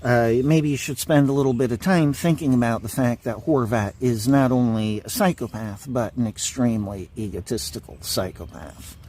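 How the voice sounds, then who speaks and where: A man's voice: medium pitch, moderate pace, hardly any pauses, darkish tone, slight background noise. A man delivering an angry, profane monologue straight to his viewers, full of insults and repeated points. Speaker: vlogger.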